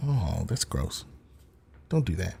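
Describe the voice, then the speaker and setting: A man hosting a livestream in casual chat, playful and animated, with frequent swearing. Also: deep voice, slow, creaky, breathy edge.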